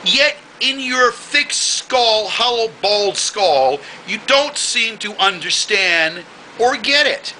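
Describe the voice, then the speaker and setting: A man with a high voice rants straight to the camera, hurling insults and repeating himself. His tone is piercingly bright and cutting, and he slows right down to hammer each point home. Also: lively intonation, slight background noise, poor audio. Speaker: video blogger. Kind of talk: angry ranting monologue to the camera.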